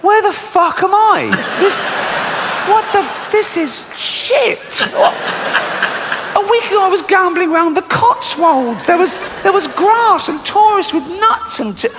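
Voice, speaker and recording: A man voicing an indignant male goat, shouting and outraged at where it has ended up. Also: very high voice, animated, unhurried, background noise, pitched above the performer's own voice, heavily acted. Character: indignant male goat dumped in a dust bowl. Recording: long theatre reverb, faint ambience.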